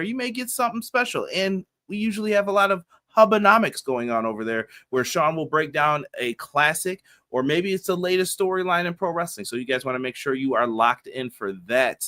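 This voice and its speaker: Male podcast co-host, bright, slightly high voice, energetic shout-out reader. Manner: hyped, rapid shout-out reading. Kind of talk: casual podcast chat.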